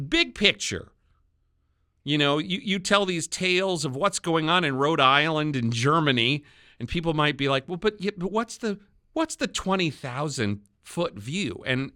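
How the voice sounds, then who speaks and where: Animated, bright-voiced Wisconsin man. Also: fairly high pitch, no echo, studio quality. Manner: wry, chuckling, animated. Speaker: podcast host. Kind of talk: political podcast chat.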